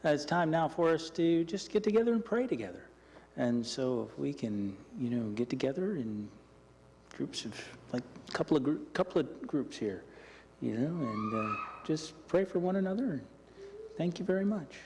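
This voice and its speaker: A man leading a church program, giving relaxed, hesitant closing remarks with a few fillers. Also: on the high side, moderate pace, a little hiss or hum.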